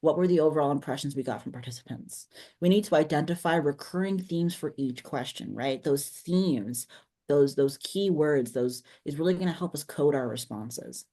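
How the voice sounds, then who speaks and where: A trainer giving an online workshop in a conversational way, often checking in with quick tag questions. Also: medium pitch, mellow.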